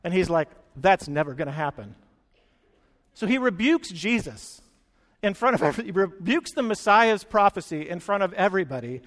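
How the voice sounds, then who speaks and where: A man preaching a sermon as a pastor, telling stories with energy, acting out quoted lines and dropping to quiet earnest moments. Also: high-pitched, animated, fairly quick, long reverb tail.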